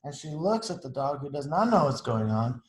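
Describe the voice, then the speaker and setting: In a storytime read-aloud, a man with a fairly high, darkish voice reads a picture book to children at a moderate pace, his pitch swinging widely. He's chatty, adding asides about the pictures. The recording is low quality and reverberant.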